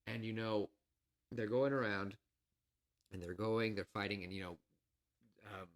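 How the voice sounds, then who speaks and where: Steady in tone and unhurried, a man co-hosting a podcast casually lays out a film idea. Even so, he rambles a little nervously, full of fillers and self-corrections.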